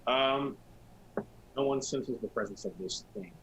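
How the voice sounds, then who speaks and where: A man narrating as game master of a tabletop role-playing game, relaxed and descriptive. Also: medium pitch, measured pace, slight background noise, low-quality recording.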